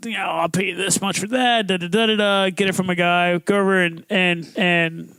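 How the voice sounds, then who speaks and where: A young man hosting a podcast, telling a story in a casual, profane, animated way, acting out quotes. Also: sits high, moderate pace, clear, resonant tone, no room sound. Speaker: podcast host.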